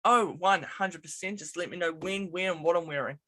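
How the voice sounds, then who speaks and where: Bright-voiced upbeat male interview host. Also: high-pitched, brisk. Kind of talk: casual video interview chat.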